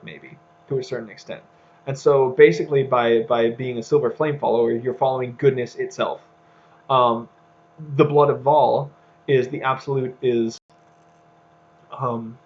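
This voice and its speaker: A man's voice: mid-range voice, lo-fi sound. A man co-hosting a casual podcast discussion, thinking aloud with many fillers and restarts. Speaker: podcast co-host.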